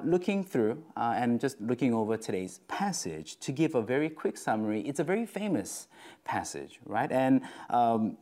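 A man's voice: medium pitch, warm tone. A man giving a casual Bible teaching in a conversational way, using lots of fillers, tag questions and shifting stress on his words. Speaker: devotional speaker.

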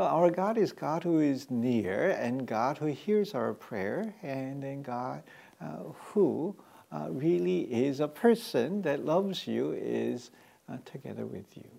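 A man preaching a sermon as pastor, speaking haltingly with frequent fillers and restarts. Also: medium pitch, gravelly, dark tone, husky.

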